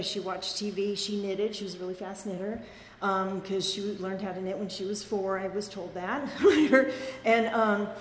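Middle-aged woman, chatty and rambling, sharing her story in a hall with a long echo. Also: mid-range voice. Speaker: speaker at a recovery meeting. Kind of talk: personal testimony. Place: meeting hall. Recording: echoey hall, faint background noise.

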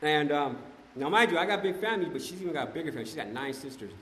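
A man's voice: fairly high pitch, expressive, rapid-fire, a bit bright, slight background noise. A man giving a conversational, emphatic personal testimony at a recovery meeting, often asking "right?". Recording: echoey hall, faint ambience.

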